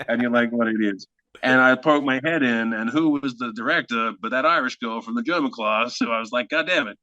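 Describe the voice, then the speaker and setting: A man with an Australian accent, a guest actor telling an animated, self-mocking anecdote in conversation. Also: mid-range voice, fast talker, dry recording, muffled recording.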